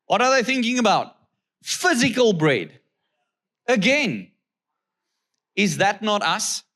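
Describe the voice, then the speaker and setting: A man with a South African accent preaching as a guest pastor. He reads scripture slowly, then turns to the crowd with rhetorical questions and keeps checking in with "okay?". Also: sits high, very animated, pushed and bright. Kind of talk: sermon with scripture reading.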